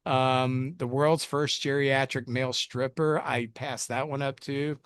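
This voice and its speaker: A man with a mid-range, fairly bright, clear and resonant voice shows little pitch movement and keeps a measured pace. As a film podcast co-host, he casually recaps the plot, rambling and joking with self-mocking asides. Clean studio sound, no echo.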